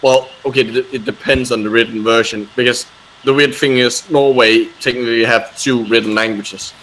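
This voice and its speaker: Man chatting haltingly. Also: mid-range voice, steady tone, a bit bright, rough recording. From Denmark. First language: Danish. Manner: halting, with many fillers and restarts. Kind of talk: casual chat on a live stream.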